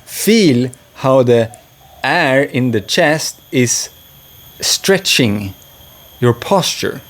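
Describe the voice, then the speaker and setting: A man teaching voice and breathwork in a calm, gentle way, pausing to breathe and sigh as he demonstrates. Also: medium pitch. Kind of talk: calm spoken lesson.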